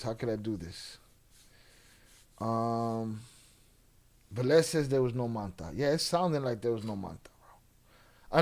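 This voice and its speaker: A man's voice: medium pitch, creaky, a little mellow. A man hosting a casual livestream, talking bluntly and skeptically with a lot of swearing. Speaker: livestream host.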